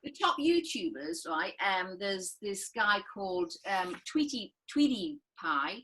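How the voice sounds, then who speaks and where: A woman's voice: mid-range voice, big pitch swings, slow pace, fairly bright tone, low-quality recording. A woman co-hosting a casual chat podcast, rambling and restarting her sentences, laughing often. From northern England. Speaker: podcast co-host.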